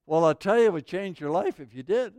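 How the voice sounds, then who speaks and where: A man preaching a sermon as the pastor, telling stories in an animated way. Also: sits high, brisk, no room sound.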